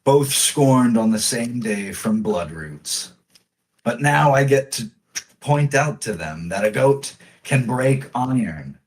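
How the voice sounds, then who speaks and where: A man putting on a cocky goat-horned bandit wrestler, boastful and showy, unhurried delivery, mid-pitched voice. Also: lively intonation.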